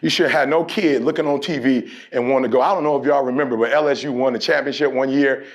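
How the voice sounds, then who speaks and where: A man giving an energetic motivational speech, leading the crowd in call-and-response and building to shouts, with slang-filled storytelling. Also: mid-range voice, fast talker. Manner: slips into street slang and storytelling. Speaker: motivational speaker.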